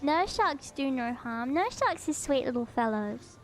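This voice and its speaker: A woman streamer chatting live and reacting to what she watches, bubbly and excitable, often gasping in delight. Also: high voice, a little slow. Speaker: streamer host.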